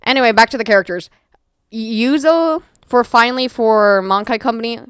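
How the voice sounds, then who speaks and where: A woman's voice: a little high, brisk, smooth, no echo, clean studio sound. A young woman streamer chatting casually and rambling, often apologizing and laughing as she explains things. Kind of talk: casual livestream chat.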